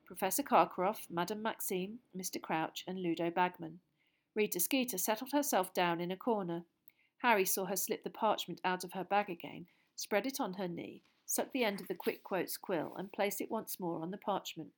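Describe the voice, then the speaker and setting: A woman narrating a storybook in steady audiobook style. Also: mid-range voice, normal speed.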